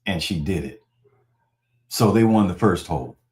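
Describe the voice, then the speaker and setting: A man preaching a sermon in a conversational, animated storytelling manner. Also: sits low, normal speed. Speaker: pastor.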